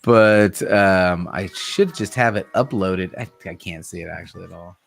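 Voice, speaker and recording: A man in his forties hosts a late-night livestream, chatting casually, laughing often, and swearing freely. He has a deep voice with vocal fry and speaks at normal speed.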